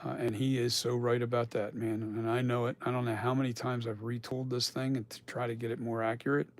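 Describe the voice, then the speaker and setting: A man's voice: mid-range voice, flat delivery, quick pace. A man chatting casually on a live stream about sculpting masks, rambling and swearing now and then as he talks.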